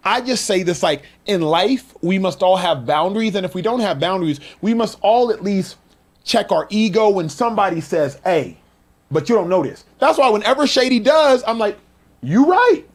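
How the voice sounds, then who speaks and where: A former football player on a sports talk panel, his voice pitched high. He drives his point home by repeating it and tells injury stories with rising energy. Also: lively intonation, normal speed. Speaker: former NFL player, co-host.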